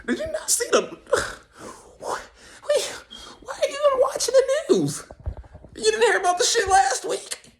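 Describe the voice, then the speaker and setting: A man voicing an outraged, bewildered newborn baby boy who whines, cries and shouts in disbelief. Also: very high voice, huge pitch swings, normal speed, voice pushed up, exaggerated voice. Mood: frantic. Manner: whiny, crying, shouting in disbelief.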